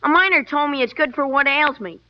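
A woman's voice: high voice, fairly quick, close to an everyday voice. A performer, heard as a woman, voicing a mischievous ten-year-old boy in a 1940s radio drama, with cheeky boyish outbursts. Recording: hissy dull old radio recording.

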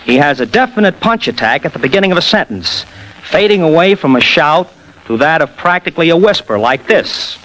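A man's voice: on the high side, sing-song, fairly quick, a bit bright, poor audio. A jokey radio impressionist man. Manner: jokey, explanatory. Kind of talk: 1940s radio interview.

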